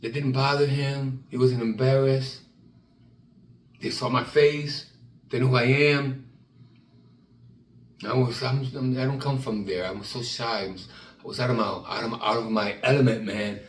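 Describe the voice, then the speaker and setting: A man's voice: mid-range voice, a little slow, long pauses, far from the mic. Storytelling man in an echoey room. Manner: animated, acts out the people in his story; trails off and restarts. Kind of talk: personal storytelling.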